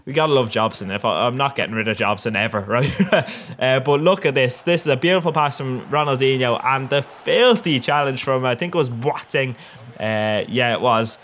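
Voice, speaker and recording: A man's voice: mid-range voice, normal speed. A young man with an Irish accent giving casual, rambling and cheeky commentary over his football video game matches. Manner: rambling and cheeky, with bursts of excitement. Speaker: gaming commentator.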